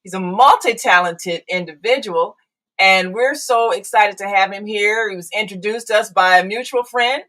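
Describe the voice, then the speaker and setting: A woman's voice: mid-range voice, normal speed, bright, forceful tone, poor audio. An older woman hosting a live call-in talk show, chatty, with frequent fillers and restarts. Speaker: show host.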